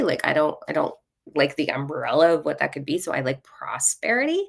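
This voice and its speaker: A woman's voice: deep voice, expressive, a little fast, vocal fry. A woman hosting a spiritual live stream, giving casual card readings in a blunt, playful way and swearing freely. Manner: self-mocking and playful.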